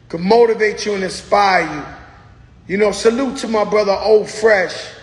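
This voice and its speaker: A man hosting his own show, telling stories in a loud, profane, boisterous way and acting out what others said. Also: sits high. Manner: boisterous, profane storyteller who acts out quotes. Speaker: host. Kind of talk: casual monologue to viewers. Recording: roomy echo with long reverb.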